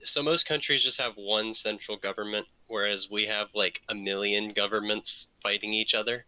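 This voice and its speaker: A man's voice: on the low side, steady tone, normal speed, bright, forceful tone, clean tone, dry recording, poor audio. A man from North Carolina on a casual podcast, matter-of-fact, explaining things with numbers. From North Carolina, USA. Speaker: podcast co-host. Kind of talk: casual chat.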